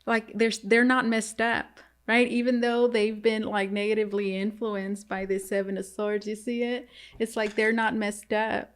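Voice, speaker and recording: A woman giving a casual tarot reading to viewers, halting and repetitive, often turning to address them directly. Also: mid-range voice, little pitch movement, clean tone. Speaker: tarot reader.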